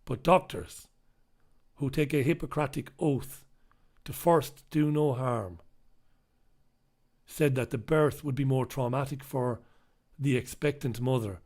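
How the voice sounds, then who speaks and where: A man's voice: mid-range voice, a little slow, a little mellow. A man hosting a live news review show, talking alone to his audience in an impassioned, emphatic way. He repeats his points for weight and speaks bluntly, swearing now and then. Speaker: show host reviewing newspapers. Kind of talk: live solo commentary on the news.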